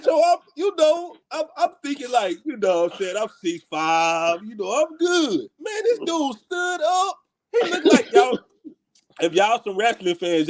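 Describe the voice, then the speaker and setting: Houston man, high-pitched, animated storyteller, casual slang, podcast co-host. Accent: Houston, Texas. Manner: animated, laughs while telling stories, slangy. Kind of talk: casual storytelling among friends.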